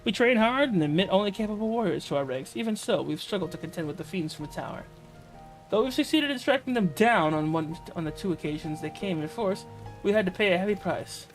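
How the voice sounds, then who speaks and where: A man's voice: high-pitched, expressive, brisk, faint music behind, low-quality recording. A man voicing a formal, dutiful soldier of a military order in a video game, reading in a stilted, read-aloud way. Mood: earnest.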